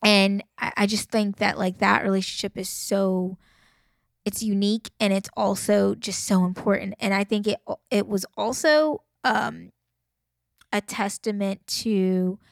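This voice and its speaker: A woman's voice: medium pitch, fairly even intonation, unhurried, vocal fry, dry recording, clean studio sound. A woman co-hosting a book podcast, talking enthusiastically with many small hedges. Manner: enthusiastic, hedging with fillers. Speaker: podcast co-host. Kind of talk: casual book discussion.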